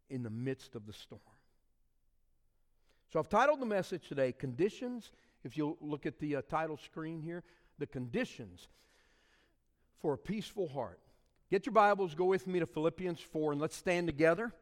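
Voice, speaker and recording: A man's voice: on the high side, expressive, moderate pace. A male pastor preaching a sermon in a church, leaning on key words and drawing them out for emphasis. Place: church sanctuary with congregation. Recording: long reverb of a church hall.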